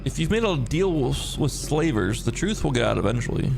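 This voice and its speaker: A man's voice: mid-range voice, sing-song, brisk, gravelly, over music. A man voicing a bitter, defiant male Wookiee outcast, blunt and accusing, reading game dialogue aloud.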